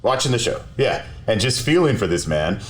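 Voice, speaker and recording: Low-voiced lawyer guy spinning a courtroom story, laughs a lot, does the voices. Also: moderate pace. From South Texas. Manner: animated storyteller, acts out quotes, laughs often. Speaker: personal injury lawyer, podcast guest. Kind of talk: casual storytelling interview. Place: podcast studio.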